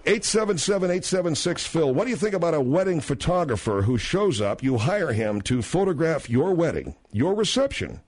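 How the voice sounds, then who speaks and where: A man's voice: fairly high pitch, very animated, a little fast, few pauses. A man hosting a radio talk show, badgering and sarcastic with his guest.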